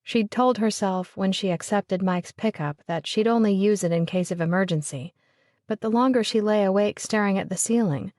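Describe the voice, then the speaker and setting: A woman narrates a romance audiobook in a steady, even storytelling voice. Her pitch sits in the middle, and the recording is close and dry. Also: dry recording. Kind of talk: scripted narration.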